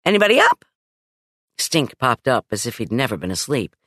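A man reading a children's book aloud in an animated, expressive way. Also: medium pitch, normal speed, no room sound, studio quality. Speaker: narrator.

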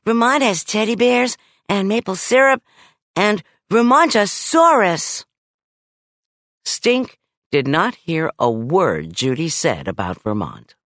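A man reading a children's book aloud in an animated, expressive way. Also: mid-range voice, dry recording, clean studio sound. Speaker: narrator.

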